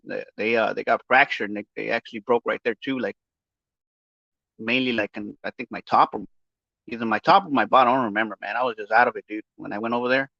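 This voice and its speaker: A man's voice: lowish voice, fairly even intonation, quick pace, creaky, sharp tone, dry recording. Lisping man with broken jaw. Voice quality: lisping, mumbled speech through a barely opened mouth. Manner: repetitive stammering restarts, profane and heated when retelling. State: speaking with a broken jaw and missing front teeth. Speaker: podcast host giving a health update. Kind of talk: casual rambling monologue. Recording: dull, dry, lo-fi recording.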